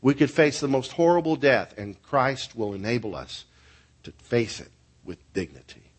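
A male pastor delivers a sermon, earnest and steady as he tells stories to his congregation. His voice sits at an ordinary middle pitch, and he moves from storytelling into prayer. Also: moderate pace, breathy edge.

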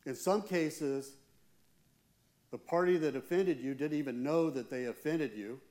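A man, a church elder, preaching a sermon with earnest, slow, emphatic pauses. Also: on the high side, a little mellow.

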